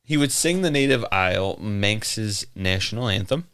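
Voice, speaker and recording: A man's voice: fairly low pitch, animated, moderate pace, a bit bright, clean tone. A man co-hosting a podcast, telling a strange story in casual chat, joking and laughing often. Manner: laughs often, jokey, playful voices for quotes. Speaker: podcast co-host.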